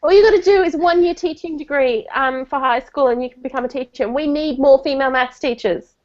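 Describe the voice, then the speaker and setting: A woman's voice: high-pitched, fast talker, muffled recording. A woman chatting casually with friends as co-host of a book chat, laughing often. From Australia. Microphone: video call.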